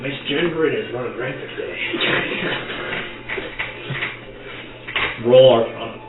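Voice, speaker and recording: A man's voice: medium pitch, very slow, over loud music. A man narrating as game master in a tabletop game, in a casual, joking, rambling way. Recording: tinny, echoey, noisy online call from far off.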